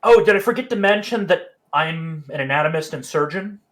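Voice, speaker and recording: A man voicing a cold, smug male anatomist surgeon who speaks calmly, with menace and a lecturing tone. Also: fairly high pitch, brisk, lightly acted.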